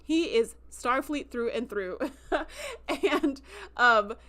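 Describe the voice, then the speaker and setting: Brief: chatty woman host, high and bright, casual recap, speaks in quoted lines. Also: expressive, takes it slowly. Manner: chatty, lots of fillers and quoted dialogue. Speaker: show host.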